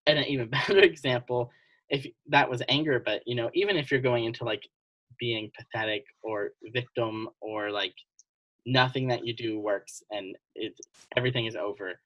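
A podcast co-host telling personal stories in casual chat, animated and laughing often. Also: mid-range voice, normal speed, no room sound, poor audio.

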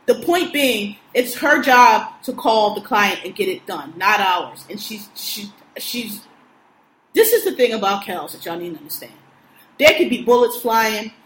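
A woman's voice: medium pitch, animated, measured pace, a bit bright, slight background noise. A woman venting in casual chat, ranting emphatically and swearing a lot. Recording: echoey room.

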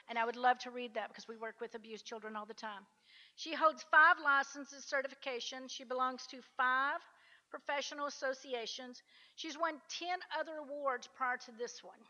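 Woman, award presenter, reading a tribute, quick asides to the crowd, long hall echo, muffled sound. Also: sits high, bright, forceful tone. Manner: reads out a tribute, with asides to the audience. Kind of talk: speech at an awards luncheon. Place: conference luncheon hall. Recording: dull sound in a large echoing hall.

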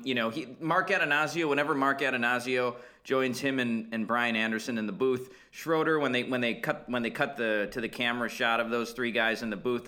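Man from Wisconsin, sports podcast co-host, opinionated storyteller, bright forceful tone. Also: medium pitch. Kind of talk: casual sports podcast chat.

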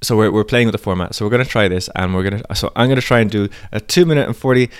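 A man's voice: on the low side, very fast, smooth, no echo, studio quality. A man co-hosting a casual podcast, rambling and correcting himself as he recaps a film. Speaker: podcast co-host.

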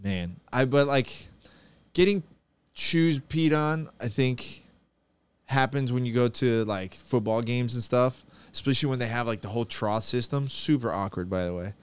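A man with a smooth, clear voice chats casually on a podcast. He laughs often and tells stories animatedly, acting out the people in them. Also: medium pitch, normal speed. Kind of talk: casual chat.

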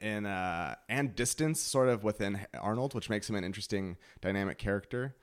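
A man with a fairly low voice chats casually on a podcast. He picks the show apart thoughtfully and fills his pauses with "like" and "uh". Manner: thoughtful, analytical, many fillers. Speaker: podcast co-host. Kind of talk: casual review chat.

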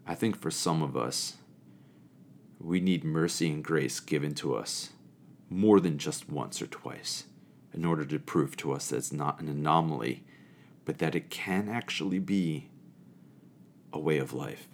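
A man telling a story from his time as a camp counselor and reflecting on it spiritually, animated and expressive as he goes. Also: rumbling low, measured pace, pauses often, slight background noise. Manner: animated and expressive, acting out quoted people. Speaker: storyteller sharing a camp memory.

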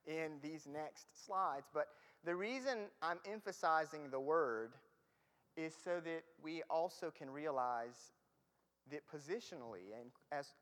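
A man preaching a conversational sermon, often laughing and losing his place as he reads from slides. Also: on the high side. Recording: reverberant hall.

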